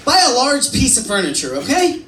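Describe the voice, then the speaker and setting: A man's voice: very high voice, huge pitch swings, a little fast, sharp tone. A man performing a crude stand-up set on a comedy club stage and acting as emcee, with punchy delivery. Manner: crude, punchy joke delivery with acted-out quotes. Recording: roomy club sound from a distance.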